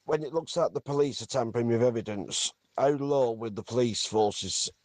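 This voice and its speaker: A man's voice: medium pitch, moderate pace, no echo. Indignant Northern English male caller. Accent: Northern English, Wigan. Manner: indignant, forceful.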